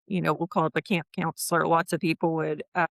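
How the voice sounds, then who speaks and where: A woman's voice: deep voice, little pitch movement, fast, vocal fry, no echo, clean studio sound. A woman in her fifties, a guest in a casual interview, chatting about her HR consulting work and acting out quoted dialogue with laughs. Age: 50s.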